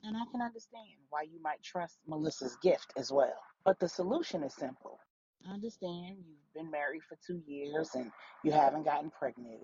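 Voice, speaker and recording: A storyteller voicing Doctor Lopez, a calm female therapist who speaks in a measured, reassuring way. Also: mid-range voice, lo-fi sound, voice pushed down, natural voice.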